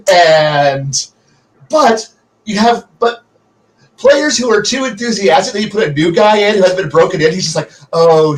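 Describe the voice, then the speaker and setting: A man telling a rambling, profane story from his game table in a casual podcast chat. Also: high-pitched. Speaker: game master. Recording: distant from the mic.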